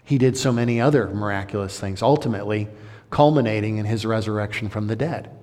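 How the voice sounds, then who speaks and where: A male pastor preaching a sermon, dramatic, swinging between loud, high outbursts and hushed, low passages. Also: quick pace. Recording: long hall reverb.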